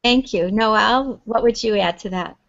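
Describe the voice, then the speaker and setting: A woman with a fairly high voice moderates a panel. She hands over questions in a loose, friendly way, with some fillers. The sound is dry and dull. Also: moderate pace, gravelly, dry recording.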